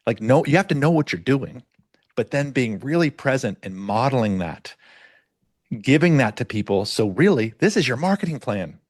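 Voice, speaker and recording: This middle-aged man hosts a casual podcast, speaking at medium pitch and normal speed. He's an animated storyteller who acts out what the people in his story said. The audio is studio quality with no room sound.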